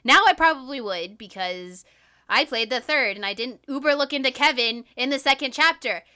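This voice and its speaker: Young woman co-host, bright and excitable, gushing fan chat. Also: high voice. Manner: excitable, acts out characters' lines in quick retellings. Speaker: podcast co-host. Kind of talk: casual chat.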